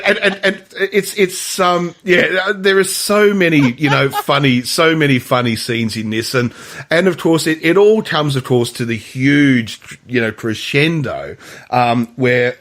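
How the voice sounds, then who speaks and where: A man's voice: on the high side, measured pace, a bit bright. A man co-hosting a podcast, chatting casually about films, rambling with many restarts and stammered repeats, laughing often. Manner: laughs often, mimics film lines in a raised voice. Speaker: podcast co-host. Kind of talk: casual film chat.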